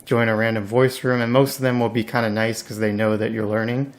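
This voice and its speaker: A man's voice: mid-range voice, flat delivery, fairly quick. A man, a guest in a casual interview, talking in a laid-back, slangy way with lots of "like".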